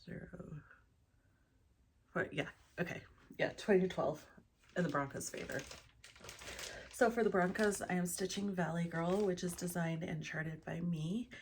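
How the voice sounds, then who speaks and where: A woman's voice: lowish voice, normal speed, long pauses, a little hiss or hum. A woman chatting casually about her stitching projects, rambling with many ums and often dropping into a whisper, in her morning voice. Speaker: cross-stitch vlogger. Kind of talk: casual show-and-tell chat.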